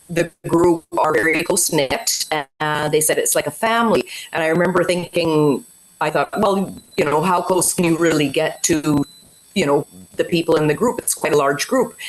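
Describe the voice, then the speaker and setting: A woman's voice: low-pitched, rough recording. Chatty woman on a video call. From Canada. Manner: chatty, rambling with fillers. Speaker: teacher candidate. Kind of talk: casual webinar talk.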